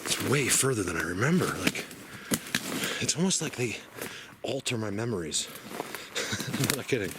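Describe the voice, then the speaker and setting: A man walking through a forest and talking to his camera, rambling and excitable with lots of fillers, a bit out of breath. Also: on the low side, normal speed, pauses often. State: slightly out of breath. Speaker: outdoor video blogger. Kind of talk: casual walking commentary. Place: outdoors in a forest. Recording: noisy outdoor field recording.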